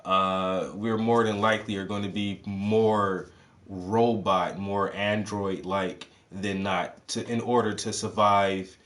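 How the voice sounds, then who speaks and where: A man hosting an art stream, chatting casually and rambling through ideas out loud, loose and profane, with fillers as he thinks. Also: lowish voice, fairly even intonation, takes it slowly.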